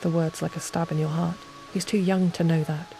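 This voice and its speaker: A woman narrating a calm bedtime story in the second person, at an unhurried pace. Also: lowish voice, creaky. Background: soft ambient music.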